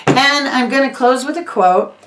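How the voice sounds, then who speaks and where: A woman's voice: sits high, animated, moderate pace, distant mic, noisy background. A woman hosting a casual monologue vlog, rambling and emphatic, moving between topics. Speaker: host. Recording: echoey room, voice off-mic.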